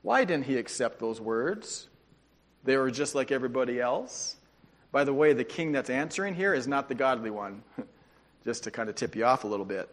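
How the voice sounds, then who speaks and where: A man's voice: medium pitch, animated, normal speed. A man preaching a sermon, reading scripture aloud with playful, sarcastic asides. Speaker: pastor.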